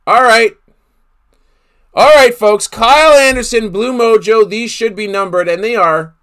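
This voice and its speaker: Excitable high-voiced man calling card pulls. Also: measured pace. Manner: excitable, calls out player names, exclaims over big pulls. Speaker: card break host. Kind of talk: live card-opening commentary.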